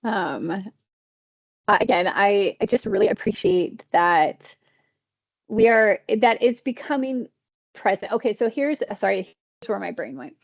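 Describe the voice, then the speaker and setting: A woman's voice: mid-range voice, lively intonation, a little slow, no room sound, muffled recording. A woman leading an online stress-management training, talking conversationally and checking in with her listeners. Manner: conversational, checks in with "all right?". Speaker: workshop trainer. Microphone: video call.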